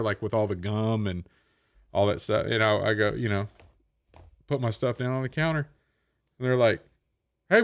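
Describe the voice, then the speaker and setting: A man telling a story on a podcast, in a middle-pitched voice that sounds dry and close. He stays animated throughout, slipping into the voices of the people in his story. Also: no echo. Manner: animated storyteller, acts out other people's lines. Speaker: podcast co-host. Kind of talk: casual storytelling chat.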